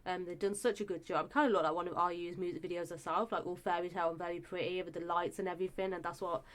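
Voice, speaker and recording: Gushing woman, slightly low voice. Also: little pitch movement, fast talker. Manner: chatty and gushing, many fillers and restarts. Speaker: show reviewer. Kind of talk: casual review chat.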